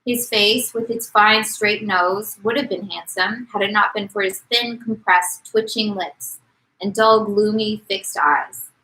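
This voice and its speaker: A woman's voice: mid-range voice, steady tone, measured pace, pushed and bright, poor audio. A woman co-hosting a podcast, reading a novel aloud and acting out the quotes. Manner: reads with dramatic voices for quotes. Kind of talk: casual read-aloud podcast.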